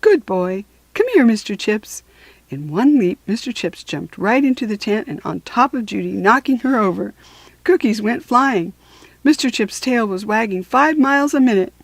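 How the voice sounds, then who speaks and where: A woman reading a children's book aloud, expressive, sometimes dropping to a whisper for suspense. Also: fairly high pitch, moderate pace, creaky, husky, dry recording.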